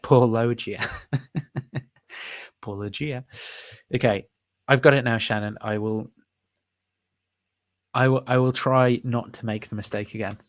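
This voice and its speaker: A man's voice: mid-range voice, steady tone, moderate pace, long pauses, dry recording. A man hosting a casual livestream, rambling and thinking aloud with frequent fillers and self-amused laughs. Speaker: host.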